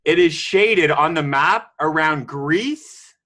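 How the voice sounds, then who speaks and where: Young host, bright and eager, slightly higher voice, reads results with energy. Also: male voice, expressive, slow pace, poor audio. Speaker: podcast host. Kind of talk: casual family chat.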